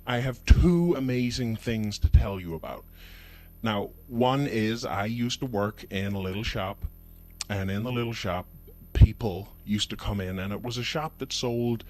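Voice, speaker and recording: Man, puppet show host, chatty comic rant, rambling with fillers, fairly low voice. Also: a little mellow. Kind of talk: comic vlog monologue.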